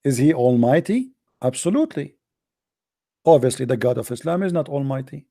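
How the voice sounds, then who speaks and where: A man's voice: mid-range voice, animated, normal speed, warm tone. A middle-aged man with an Arabic accent, hosting a call-in show and giving a polemical religious talk in a mocking, emphatic way with broken grammar.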